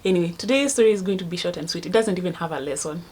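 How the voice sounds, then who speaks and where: Young Kenyan-accented woman, low-ish voice, rambling casual vlogger who sometimes drops her voice to a hush. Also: lively intonation, racing. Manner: chatty, rambling, laughs at herself; drops to a hushed voice at times. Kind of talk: casual storytelling vlog.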